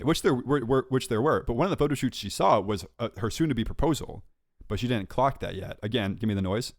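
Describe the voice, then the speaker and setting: A young man co-hosting a podcast, telling a story in a lively, self-mocking way and laughing often. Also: medium pitch, moderate pace, dry recording, studio quality. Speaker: podcast co-host. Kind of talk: casual chat, storytelling.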